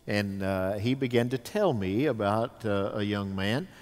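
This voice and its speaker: A man leading an interview as pastor on a church stage, folksy and hesitant, with many pauses and amens. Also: lowish voice, darkish tone. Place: church sanctuary. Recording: long reverb of a large hall.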